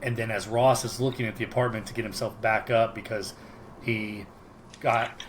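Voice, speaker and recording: A man's voice: fairly low pitch, steady tone, moderate pace, a little hiss or hum. A man co-hosting a casual podcast chat who rambles and restarts his sentences, recorded over a video call. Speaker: podcast co-host.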